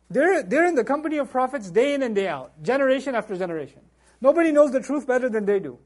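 A man's voice: very high-pitched, big pitch swings, fast. A man teaching a Quran lecture, speaking emphatically and reciting Arabic verses between his English explanation. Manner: emphatic, acts out quoted voices. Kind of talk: religious lecture.

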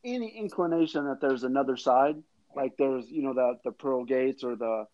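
A man's voice: medium pitch, moderate pace, darkish tone, muffled recording. A man talking casually on a podcast, rambling with lots of fillers. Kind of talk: casual chat.

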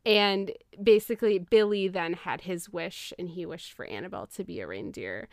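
A young adult woman co-hosting a podcast, recapping a film in casual, animated storytelling. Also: lowish voice, moderate pace, no room sound, clean studio sound. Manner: animated storytelling, laughs often. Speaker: podcast co-host.

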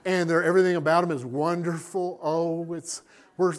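A man preaching a sermon as a pastor, animated and acting out little scenes. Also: fairly high pitch, normal speed.

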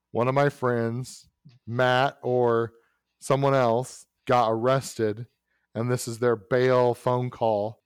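A man's voice: medium pitch, slow, smooth, no room sound. Man telling a story, dry close sound. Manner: animated storyteller, lots of fillers and restarts. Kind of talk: casual storytelling chat.

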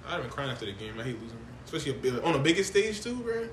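A man's voice: fairly high pitch, very animated, very fast, a little hiss or hum. A man co-hosting a podcast, chatting casually about movies in loose slang and jumping into impressions. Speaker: podcast co-host. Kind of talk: casual chat. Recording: echoey room with faint ambience.

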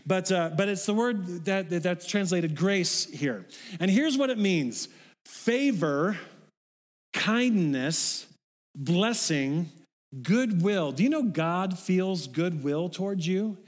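A man's voice: high voice, lively intonation, takes it slowly. A middle-aged man preaching a sermon in a casual, folksy way, with asides to the congregation. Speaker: pastor. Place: church sanctuary. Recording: long hall reverb.

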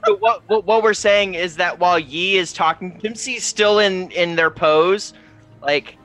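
Bright-voiced rambling game player man. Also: high voice, measured pace, soft background music. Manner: rambling, self-interrupting. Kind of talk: casual tabletop play.

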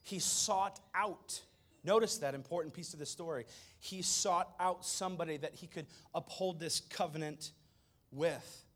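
Brief: pastor, male, vivid sermon storyteller, pitch a touch high, dynamics rising and falling. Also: a little slow. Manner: dramatic storyteller, swings between loud and hushed.

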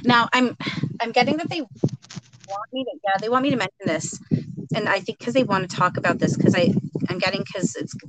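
A woman with a somewhat high voice talks in an emotional, nervous way during a casual conversation, laughing often. Loud noise and clicking sit behind her voice throughout. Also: moderate pace. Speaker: podcast host.

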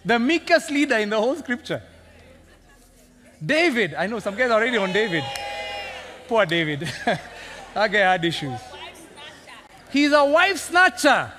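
A man preaching a sermon, animated and joking as he teases his congregation. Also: high voice, moderate pace, pauses often, a faint crowd. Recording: long reverb of a big hall.

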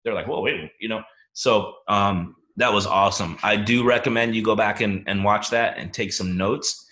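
A man's voice: fairly low pitch, normal speed, bright, forceful tone. A man hosting a coach training session, giving an emphatic motivational talk and asking the audience questions.

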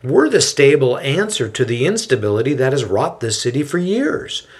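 A man's voice: mid-range voice, sing-song, normal speed, lightly acted. A man voicing an earnest male teacher who speaks eagerly and exclaims often.

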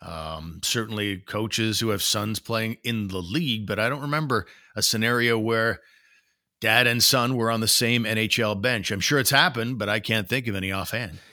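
A man co-hosting a casual sports podcast, laying out news in a measured, informative way. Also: on the low side, bright, forceful tone, dry recording, clean studio sound. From Canada. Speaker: podcast co-host.

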